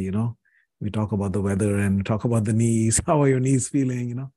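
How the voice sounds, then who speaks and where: A man's voice: medium pitch, fairly even intonation, quick pace, warm tone, no echo, studio quality. A man in his sixties from India, a podcast guest telling personal stories in an earnest, reflective way, often saying "you know". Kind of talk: reflective interview conversation.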